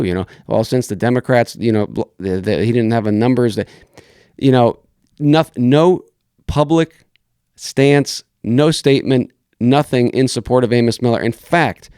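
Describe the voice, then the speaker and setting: A man's voice: mid-range voice, darkish tone, smooth, no room sound, studio quality. A man hosting a political commentary podcast, reading news articles aloud and criticizing them in a blunt, searching way with many restarts. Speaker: podcast host.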